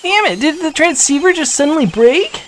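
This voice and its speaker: A woman's voice: high voice, animated, normal speed, slight background noise, pitched above the performer's own voice. A woman doing a frantic young lawyer. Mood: alarmed. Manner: anxious, pleading, exclaiming. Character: flustered young male defense attorney. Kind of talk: fan voice acting of a game.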